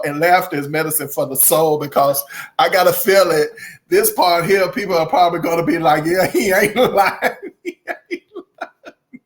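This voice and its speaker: A music channel host giving casual commentary, laughing often and talking straight to the viewers with folksy asides. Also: medium pitch. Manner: laughs often, chatty and animated.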